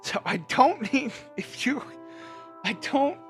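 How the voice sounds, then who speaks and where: A streamer venting to a livestream chat, impassioned and exasperated, trying to stay measured while upset. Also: sits high, expressive, a bit bright, soft background music.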